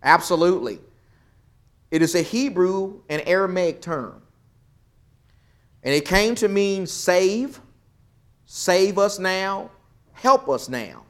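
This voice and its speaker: A man leading a Bible study lesson, quizzing the class and swinging from loud emphasis to quiet, soft remarks. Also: sits high, lively intonation, slow, long pauses. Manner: questions the class, swells loud then drops soft for emphasis.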